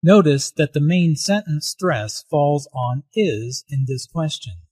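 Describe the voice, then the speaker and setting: Husky man explaining English phrases. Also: on the high side, lively intonation, takes it slowly, darkish tone, no echo. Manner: plain, instructive delivery. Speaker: English teacher. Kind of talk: scripted lesson narration and dialogue.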